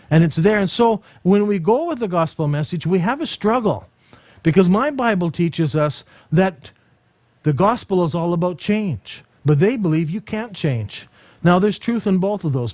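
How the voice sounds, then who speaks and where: Guy teaching a ministry class, high voice that jumps around a lot, acts out stories, dry sound. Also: dry recording. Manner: animated storytelling, acts out dialogue; frequent restarts and repeated words. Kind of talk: ministry school lesson with personal stories.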